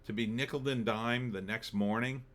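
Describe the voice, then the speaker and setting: A man's voice: mid-range voice, fairly even intonation, normal speed, a bit bright. A man telling a story in a casual rant, sarcastic and exasperated, acting out both sides of the dialogue.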